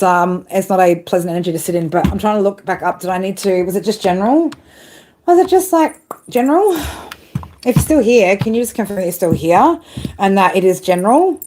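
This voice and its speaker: A woman's voice: mid-range voice, dark tone, a little hiss or hum, low-quality recording. A woman chatting casually during a live tarot reading, laughing often and tagging "right?" onto her sentences. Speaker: tarot reader. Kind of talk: live-stream reading chat. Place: outdoors.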